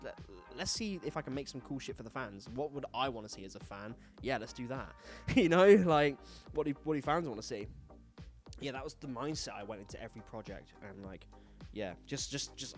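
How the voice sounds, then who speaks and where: A man's voice: medium pitch, a bit bright. A man talking casually and frankly as host, swearing often and rambling through stories with lots of fillers. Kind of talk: casual solo chat, rambling storytelling.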